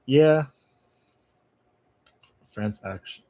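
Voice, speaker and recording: A man's voice: mid-range voice, lively intonation, extremely slow, warm tone. A man chatting casually with viewers on a livestream, thinking aloud, laughing often and trailing off into asides. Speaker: language-learning streamer.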